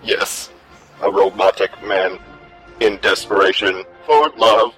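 A man voicing a lovesick, menacing robot with claws, speaking in a flat, deadpan way for improv comedy. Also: low voice, over music. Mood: deadpan menace. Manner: slow, flat, deadpan delivery.

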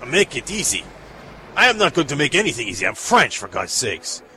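Guy doing a snotty theatrical french villager, bouncy and bright. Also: fairly high pitch, very animated, fast, a little hiss or hum. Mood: snooty. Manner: snooty, theatrical. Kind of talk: improv comedy.

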